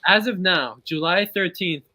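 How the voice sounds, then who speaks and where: A man's voice: high voice, measured pace, sharp tone. A man co-hosting a casual football podcast, talking through transfers in a chatty, analytical way. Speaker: podcast co-host.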